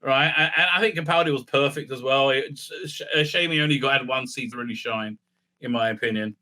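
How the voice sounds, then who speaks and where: A man's voice: mid-range voice, fast, pushed and bright. A man giving rambling, sarcastic solo commentary, full of fillers and restarts. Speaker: video commentator.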